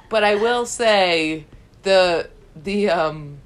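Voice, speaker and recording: A young woman in casual chat, telling a story in an animated way and laughing often. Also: medium pitch, extremely slow, a little hiss or hum.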